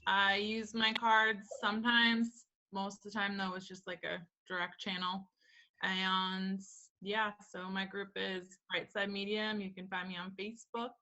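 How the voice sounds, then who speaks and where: A woman's voice: mid-range voice, little pitch movement, measured pace, sharp tone. A woman psychic medium introducing herself in a casual group chat, hesitant and trailing off. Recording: lo-fi call audio.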